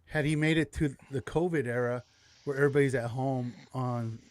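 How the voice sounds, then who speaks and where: A man's voice: mid-range voice, fairly even intonation, normal speed, no echo. A man co-hosting a call-in radio show, jumping in with follow-up questions. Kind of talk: casual call-in show chat.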